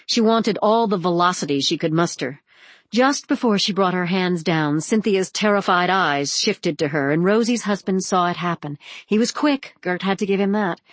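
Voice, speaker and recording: Woman, audiobook narration, lowish voice, dry close studio sound. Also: moderate pace, no echo.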